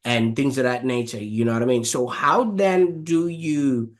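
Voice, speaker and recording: Man, show host; mid pitch, loose rambling question style, heavy on fillers. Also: unhurried. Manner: rambling, many fillers and restarts. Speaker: podcast host. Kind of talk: interview questions.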